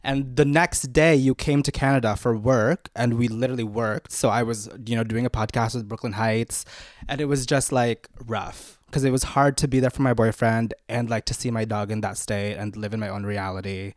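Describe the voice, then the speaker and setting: Earnest man on a casual podcast, open and chatty, mid pitch, dry sound. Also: fairly even intonation, moderate pace, no echo.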